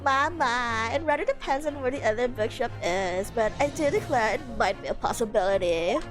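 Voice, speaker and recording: A woman's voice: on the high side, expressive, moderate pace, close to an everyday voice. A woman voicing an airy Victorian maiden in a breezy valley-girl manner, over game music. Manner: breezy, sing-song.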